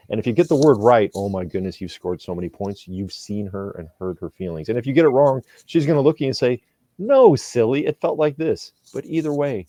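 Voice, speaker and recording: A man co-hosting a podcast as a couples therapist, talking in an animated, joking way with quick asides. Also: fairly low pitch, no echo. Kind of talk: casual podcast conversation.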